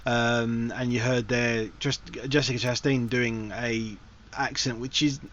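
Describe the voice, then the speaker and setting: A man's voice: mid-range voice, level tone, unhurried, fairly bright tone. Rambling man reviewing films. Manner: rambling, many fillers and restarts. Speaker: film reviewer, host. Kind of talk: casual film review chat. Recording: dull lo-fi recording, faint hiss.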